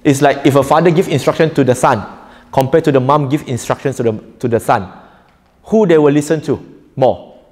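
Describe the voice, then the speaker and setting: A man's voice: medium pitch, fairly quick, a little mellow, long reverb tail. A man teaching a live audience in an interactive lecture, joking often and quizzing listeners. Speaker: preacher teaching a workshop.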